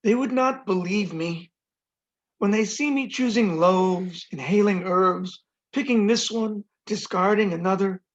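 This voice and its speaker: A man in his sixties reading his own poems slowly and deliberately at a virtual book launch. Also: high-pitched. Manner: slow, deliberate recitation. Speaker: poet reading his work. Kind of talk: poetry reading. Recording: dull lo-fi video call audio.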